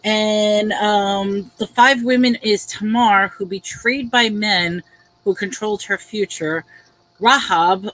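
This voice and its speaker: A woman's voice: mid-range voice, a bit bright, low-quality recording. A woman hosting a casual live-stream book sale, chatty, reading back-cover blurbs aloud with drama and laughing often.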